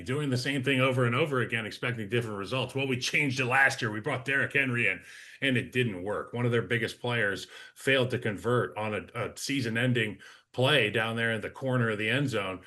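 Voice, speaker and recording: A man's voice: mid-range voice, sharp tone. A man giving football analysis on a talk show, opinionated and conversational. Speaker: football analyst, former player.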